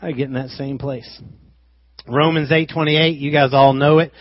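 A man preaching a sermon, swinging between loud emphasis and quiet asides. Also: mid-range voice, level tone, unhurried, no room sound, muffled recording.

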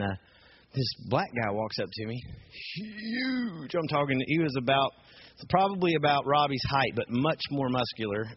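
A man, a youth group leader, telling a personal story in a lively way, full of fillers and acted-out quotes. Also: mid-range voice, highs cut off, a little hiss or hum.

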